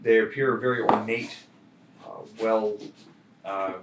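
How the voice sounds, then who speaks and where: A man's voice: on the low side, fairly even intonation, takes it slowly. A man narrating as game master of a tabletop game, with a hesitant manner full of fillers. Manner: hesitant, many fillers, bursts into laughter. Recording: roomy sound from a distant mic with faint noise.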